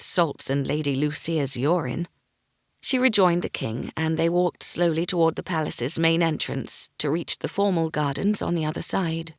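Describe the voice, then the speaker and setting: A woman's voice: lowish voice, vocal fry, no room sound, clean studio sound. A woman narrating a first-person fantasy audiobook, giving each character a voice.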